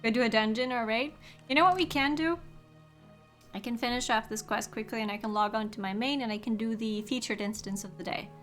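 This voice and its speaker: A woman's voice: fairly high pitch, fairly even intonation, quick pace, hardly any pauses, faint music behind. A woman giving casual, upbeat commentary while streaming a game and chatting with viewers. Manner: chatty, upbeat, talks to chat.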